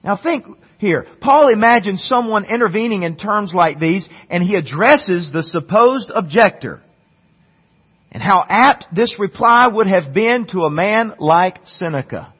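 A preacher with a husky, slightly high voice delivers an earnest sermon. He climbs to loud, emphatic peaks and drops into soft, low stretches, repeating words as he gets going. The recording is dull and lo-fi. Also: animated, unhurried. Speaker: pastor.

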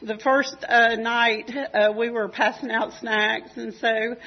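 A woman with a fairly high, steady voice and a Southern US Georgia accent speaks slowly; the audio is dull. At a church service, she gives a rambling, emotional testimony about a mission trip, chatty and full of fillers.

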